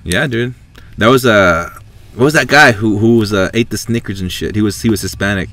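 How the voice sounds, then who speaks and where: A podcast host speaks a little fast into a podcast mic, his voice on the low side and a bit bright, in a dry recording. His casual chat rambles, heavy with fillers and profanity.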